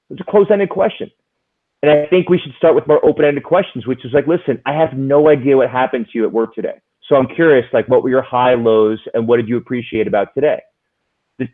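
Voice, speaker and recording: A man who is a psychologist, giving earnest advice in casual conversation and explaining with concrete examples. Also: medium pitch. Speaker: psychologist, interview guest. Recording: tinny phone-like line.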